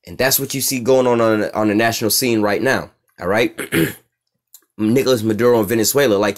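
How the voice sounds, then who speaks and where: A man giving casual, profane scripture commentary as a religious teacher, reading verses slowly and asking "all right?" again and again. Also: fairly low pitch, fairly even intonation.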